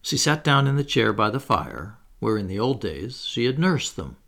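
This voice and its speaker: A man's voice: medium pitch, big pitch swings, normal speed, gravelly, fairly bright tone. A man reading a children's story aloud, with wry asides to the listener. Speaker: audiobook reader. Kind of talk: scripted narration.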